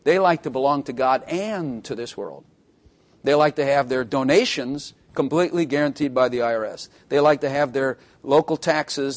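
A man preaching a sermon, emphatic, repeating phrases and asking the congregation questions. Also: medium pitch.

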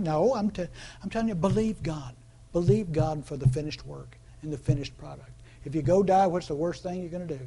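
A pastor delivers his sermon in a relaxed, talkative way, asking the congregation questions and slipping into mocking voices to act out what people say. His voice sits fairly high for a man. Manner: conversational preaching with rhetorical questions and call-outs; acts out quoted voices mockingly.

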